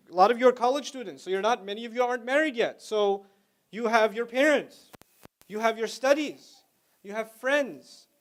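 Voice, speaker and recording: A middle-aged man giving a religious lecture to students in a conversational way, explaining terms and slipping into slang. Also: extremely high pitch. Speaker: Islamic lecturer.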